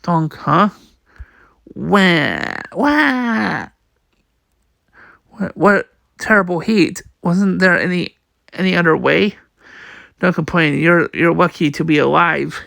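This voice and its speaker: Slow gravelly man reading manga aloud. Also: on the high side, fairly even intonation, sharp tone, no room sound, studio quality. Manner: halting, repeats words, reads sound effects aloud. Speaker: comic reader. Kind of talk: reading manga aloud, voicing all parts.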